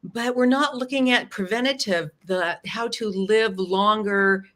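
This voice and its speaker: A woman's voice: mid-range voice, a little slow, a bit bright. A woman hosting a podcast interview, sympathetic and enthusiastic as she asks questions. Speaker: podcast host. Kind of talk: conversational interview.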